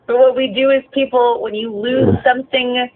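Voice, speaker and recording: A woman bus driver venting about a rough late shift, tired, swearing a lot, her voice cracking with emotion. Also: sits high, fairly even intonation, moderate pace. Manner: heavy swearing, exasperated, voice breaking with emotion. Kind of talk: late-night venting rant. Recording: tinny phone-line sound, faint hiss.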